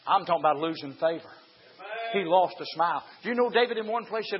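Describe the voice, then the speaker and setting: A man with a scratchy voice preaching a sermon to a room of men, swinging from shouted passages to hushed storytelling. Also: on the high side, expressive, normal speed, muffled recording. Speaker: preacher to a men's gathering.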